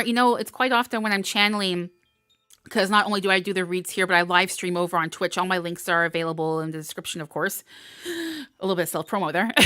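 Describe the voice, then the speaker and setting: Bright-voiced woman giving an encouraging tarot reading. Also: fairly low pitch, no echo, clean studio sound. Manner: warm, encouraging, animated, frequent laughs. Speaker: tarot reader. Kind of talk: live-streamed tarot reading.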